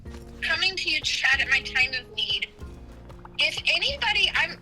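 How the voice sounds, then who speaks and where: A woman's voice: sits high, sing-song, moderate pace, bright, forceful tone, soft background music, rough recording. A young adult woman talking casually with her spouse, rambling and hesitant with many fillers. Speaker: streamer's spouse. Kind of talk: casual conversation.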